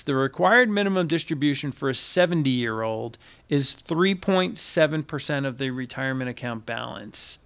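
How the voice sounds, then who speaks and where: Higher-pitched man explaining finance. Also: fairly bright tone, clean tone. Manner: explanatory, reads quotes aloud with emphasis. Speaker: podcast co-host, financial advisor. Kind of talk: casual finance podcast chat.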